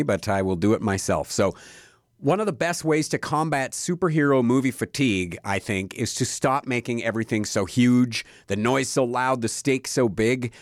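A man's voice: medium pitch, dry recording, clean studio sound. A middle-aged man co-hosting a casual review segment, talking in an easygoing, enthusiastic way and thinking aloud. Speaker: co-host, reviewer.

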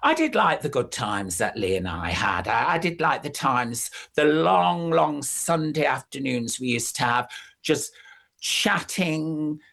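An older speaker reminisces in an unhurried, drawn-out way. The talk rambles through plenty of fillers and restarts, then leaps up in pitch when excited. The pitch sits in a middle range. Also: gravelly. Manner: rambling and animated, with frequent fillers and sudden high pitch jumps. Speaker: interviewee, former pop singer. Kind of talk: casual reminiscing.

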